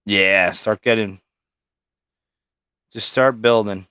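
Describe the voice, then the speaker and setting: A man's voice: on the low side, steady tone, slow, smooth, dry recording, studio quality. Swearing man telling snake stories. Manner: profane storyteller, acts out quotes loudly. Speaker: livestream guest, snake breeder. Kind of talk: casual chat.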